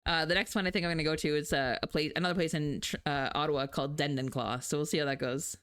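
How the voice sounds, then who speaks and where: A woman streamer in a chatty, animated casual talk, laughing often. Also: deep voice, fast, clear, resonant tone. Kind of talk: casual chat.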